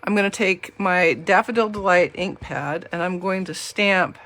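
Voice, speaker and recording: During a live card-making demo, a woman from the Southern US talks to viewers in a chatty, jokey way. She speaks at a measured pace in a lowish, fairly bright voice.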